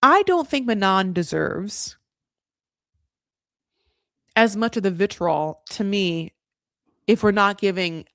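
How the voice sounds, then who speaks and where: A woman's voice: medium pitch, no echo, studio quality. Blunt, rambling woman recapping reality TV. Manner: rambling, full of "like" and swearing; opinionated and blunt. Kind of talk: casual live recap commentary.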